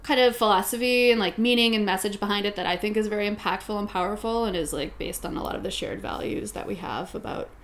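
A woman hosting a casual chat, speaking in an earnest, reflective way and thinking out loud. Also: medium pitch, fast, hardly any pauses. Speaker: host.

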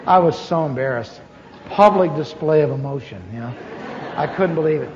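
Some chatter can be heard behind an older man as he shares a funny personal testimony at a normal speed, his voice on the high side. He brings the story alive by acting out the dialogue, and the lo-fi recording sounds dull and echoey, with a faint hiss.

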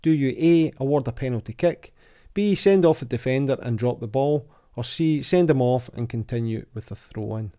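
Man, mellow dark voice, casual football podcast host, chatty. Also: medium pitch, moderate pace, hardly any pauses, clean tone. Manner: chatty, reads quotes aloud with lively voices.

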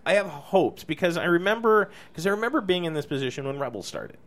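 A woman co-hosting a podcast, giving opinions in a casual, halting way with many restarts. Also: lowish voice, sing-song. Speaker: podcast co-host. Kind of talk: casual chat.

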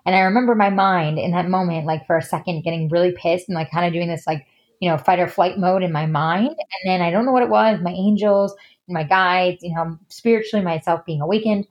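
A woman's voice: fairly low pitch, fairly quick, highs cut off. Chatty woman telling her story. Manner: chatty, heavy use of fillers like "you know" and "like". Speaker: podcast guest. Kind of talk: candid storytelling in an interview.

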